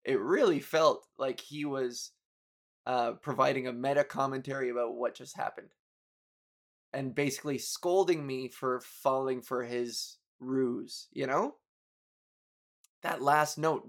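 A young man hosting a podcast, rambling through a story in a profane, self-mocking way with bursts of exasperation. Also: mid-range voice. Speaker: podcast host. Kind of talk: casual podcast monologue.

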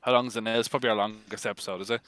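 Easygoing man, lower voice. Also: fairly even intonation, very fast, fairly bright tone, dry recording. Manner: easygoing, laughing. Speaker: podcast co-host. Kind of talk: casual chat.

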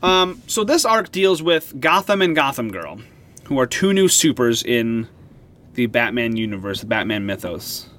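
A man hosting a casual comic-book podcast, retelling the story with excited, animated energy. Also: medium pitch, measured pace. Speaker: podcast host.

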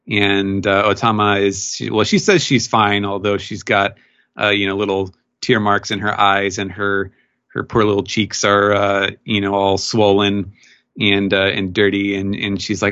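A podcast co-host casually recaps a manga chapter, rambling with lots of fillers and quoting characters in raised voices. His fairly low voice moves little in pitch and is a little slow, bright, clear and resonant, though the recording is muffled.

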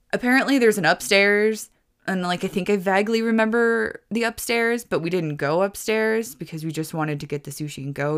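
A woman tells a story from her travels in a casual podcast style, wandering off track and correcting herself as she goes. Her voice sits a little low and stays smooth and clear. She laughs at her own asides. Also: a bit bright. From United States. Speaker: podcast host.

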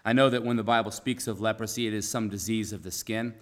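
A man preaching a conversational sermon, earnest, repeating key phrases and dropping to a soft hush for emphasis. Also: lowish voice, fairly even intonation, quick pace.

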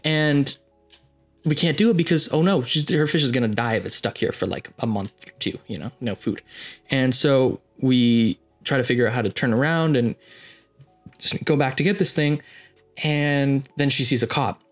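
A man's voice: medium pitch, normal speed, soft background music. A young man hosting a podcast, telling a story casually with rambling asides and lots of fillers. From Canada, Ontario. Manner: rambling, filler-heavy, animated retelling. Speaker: podcast host.

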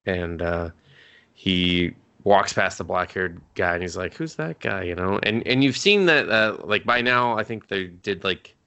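Man, low voice, gravelly fry, rambling casual podcast chat, lots of fillers and swearing. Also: measured pace, sharp tone. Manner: rambling, many fillers and restarts, swears freely. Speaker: podcast co-host. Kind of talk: casual chat recapping an anime episode.

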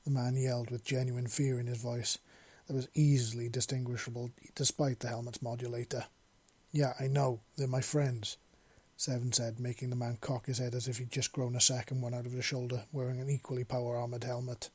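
A man reading fan fiction aloud in a plain, steady voice with small slips. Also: medium pitch, a little fast, few pauses, breathy edge. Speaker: narrator.

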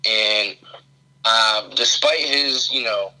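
A young man co-hosting a sports podcast, excitable and emphatic, often throwing in "dude" and "man". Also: lowish voice, takes it slowly, low-quality recording. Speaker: podcast co-host. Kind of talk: casual sports chat.

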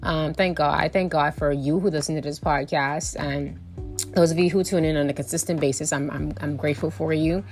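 A woman hosting a faith podcast, chatting lively and directly to her listeners like family. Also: low voice, a little fast, soft background music. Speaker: podcast host.

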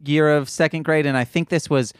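A man's voice: fairly high pitch, steady tone, brisk, smooth, dry recording, clean studio sound. A young adult man co-hosting a podcast, rambling and poking fun at himself in a casual chat. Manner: easygoing, rambling, self-deprecating. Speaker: podcast co-host.

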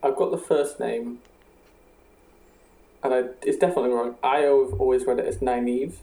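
A man's voice: medium pitch, moderate pace, creaky, dark tone. A man with a Yorkshire accent joking dryly in a casual podcast chat. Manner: dry, joking. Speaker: podcast guest. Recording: echoey room with faint noise.

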